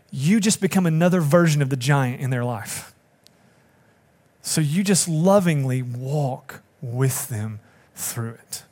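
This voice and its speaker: A man's voice: fairly high pitch, darkish tone. A middle-aged man preaching a sermon, earnest and building to emphatic appeals to the congregation. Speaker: pastor.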